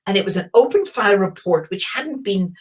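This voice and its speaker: A woman's voice: mid-range voice, lively intonation, a little fast. An older woman from Belfast with a Northern Irish accent, a geologist giving a reflective, enthusiastic webinar talk with frequent fillers and restarts. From Belfast, Northern Ireland. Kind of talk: webinar storytelling presentation. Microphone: video call.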